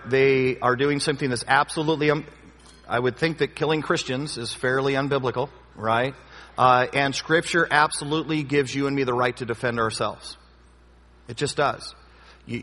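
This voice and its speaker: A man's voice: mid-range voice, sharp tone. A man leading a Bible study question time as pastor, talking in a conversational, joking and emphatic way. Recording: long hall reverb.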